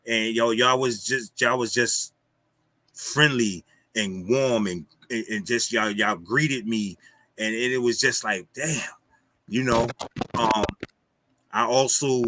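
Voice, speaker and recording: A guest on a livestream chats casually over a streaming call mic, telling stories in loose street slang and saying "yo" a lot. His mid-range voice is pushed and bright, with no echo.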